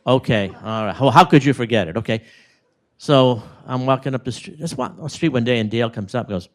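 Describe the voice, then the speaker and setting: Male eulogist, animated anecdotal storyteller, memorial setting. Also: mid-range voice, fairly quick. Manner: rambling, animated anecdotes with acted-out quotes. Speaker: neighbor giving a eulogy. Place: room at a retirement community service.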